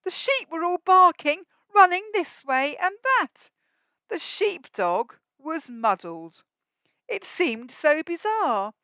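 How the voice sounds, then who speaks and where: A woman teacher reading a rhyming picture book to young children at a school assembly, expressive and asking them questions so they join in. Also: extremely high pitch, slow, dry recording. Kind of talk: storybook read-aloud for young children.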